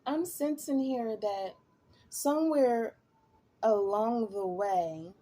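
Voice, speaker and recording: Slow, husky woman reading tarot. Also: a little high, dark tone. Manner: slow, musing and chatty, breaks into laughs. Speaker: tarot reader.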